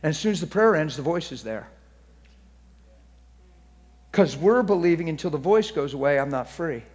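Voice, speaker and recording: A man with a somewhat high voice preaches in a church, and a long reverb trails his words through the hall. He tells his stories by dropping to near-whispers and then climbing to loud, eager outbursts. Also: moderate pace. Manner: storytelling, swinging from hushed near-whispers to loud excited bursts. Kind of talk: sermon.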